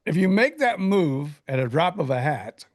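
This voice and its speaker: A man's voice: fairly high pitch, very animated, normal speed. An older man co-hosting a podcast, telling rambling jokes in casual chat. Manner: rambling, joking storyteller. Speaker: podcast co-host.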